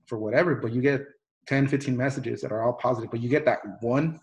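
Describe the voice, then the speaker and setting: A man's voice: mid-range voice, fairly even intonation, fast talker, rough recording. A man hosting a podcast, chatting loosely with many restarts, fillers and some swearing. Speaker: podcast host. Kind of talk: casual podcast chat.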